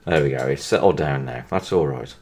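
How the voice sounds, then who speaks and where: A man's voice: rumbling low, a little fast, a little mellow, a little hiss or hum. A man who is a gaming YouTuber, chatting casually over his gameplay and repeatedly breaking into laughter. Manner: giggly, keeps breaking into laughter.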